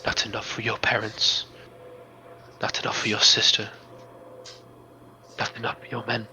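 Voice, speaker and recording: A serene otherworldly spirit woman, put on by a man running a tabletop game, speaks in a soft, slow, half-whispered hush. The voice is bright and clear. She sounds calm and unhurried. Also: lowish voice, a little hiss or hum, rough recording. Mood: solemn.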